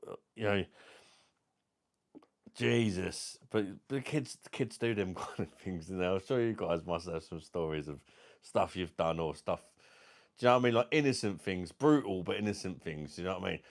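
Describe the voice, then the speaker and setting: A man's voice: deep voice, lively intonation, normal speed. A man in his thirties telling rambling personal stories in casual chat, swearing freely and often checking in with his listener. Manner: keeps saying "do you know what I mean". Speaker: beer review vlogger.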